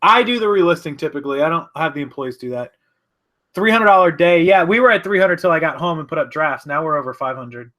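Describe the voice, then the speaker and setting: Fast and expressive, with a somewhat bright voice on the high side, a man hosts a laid-back live stream from his home office. He chats in a rambling way, corrects himself, and replies to viewers' comments.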